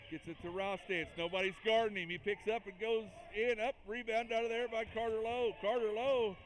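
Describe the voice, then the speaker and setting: A man doing chatty, excitable play-by-play for a school basketball game, joking with listeners between plays. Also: high voice. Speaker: play-by-play announcer. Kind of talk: amateur basketball commentary. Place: school gym. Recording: noisy gym sound.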